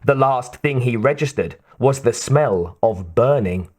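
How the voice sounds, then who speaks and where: A man reading an audiobook in a slow, measured narration. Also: medium pitch, expressive, darkish tone, husky.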